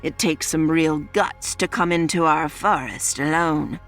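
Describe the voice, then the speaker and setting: A commanding alpha wolf questions his prey in a low, slow, scornful voice, as a woman narrator acts him out in a dark fantasy audiobook. Faint music plays behind. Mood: stern scornful. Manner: stern, measured, scornful. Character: stern male alpha wolf, leader of the pack.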